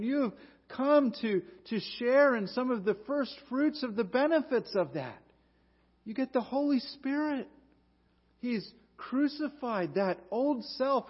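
A pastor preaching a sermon in a high, husky voice. He sinks to quiet, earnest lows, then lifts into loud commands. The recording is dull and lo-fi.

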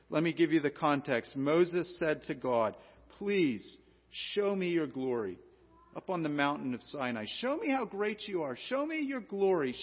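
A man preaching a sermon, swinging from loud emphasis to hushed low tones. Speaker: pastor. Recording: dull lo-fi sound in a reverberant hall.

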